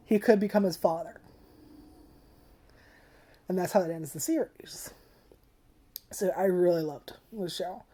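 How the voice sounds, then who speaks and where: A woman's voice: medium pitch, dark tone. A woman giving a casual, profane video review, rambling with lots of "like" and getting emotional and tearful at times. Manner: rambling and profane, heavy use of "like". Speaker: anime reviewer. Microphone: camera.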